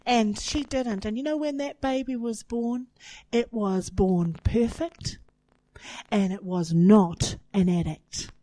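A woman's voice: mid-range voice, takes it slowly, warm tone, no echo, poor audio. Earnest woman preaching, dry close sound. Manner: earnest, emphatic repetition, voice rising with emotion. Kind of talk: sermon.

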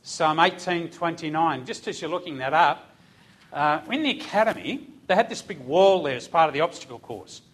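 A middle-aged man preaching a sermon, telling a personal story in an animated way with chuckles. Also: on the high side, moderate pace.

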